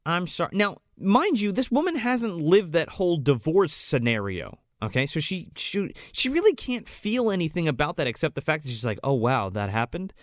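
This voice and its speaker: A man's voice: on the high side, big pitch swings, normal speed, few pauses, dry recording, studio quality. A man co-hosting a casual podcast, recapping a movie in a profane, mocking way. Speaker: podcast co-host.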